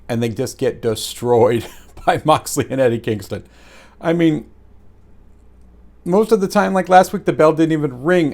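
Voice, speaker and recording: A man giving a casual, rambling review of a wrestling show, excitable and full of fillers. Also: mid-range voice, gravelly.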